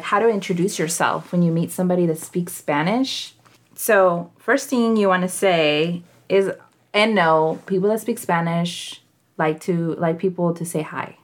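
A woman, a mother co-hosting a family chat, who explains things in a patient, encouraging, teacherly way. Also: fairly low pitch. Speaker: mother and podcast co-host.

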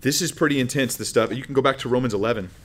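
A man's voice: mid-range voice, rapid-fire. A man preaching a sermon, reading scripture aloud and explaining it in an earnest, conversational way. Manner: conversational, earnest, with restarts and asides.

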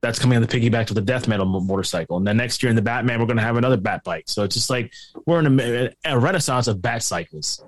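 A man's voice: medium pitch, fast. A man co-hosting a podcast in casual chat, chatty and prone to digressions. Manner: chatty and digressive, often laughing along. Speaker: podcast co-host.

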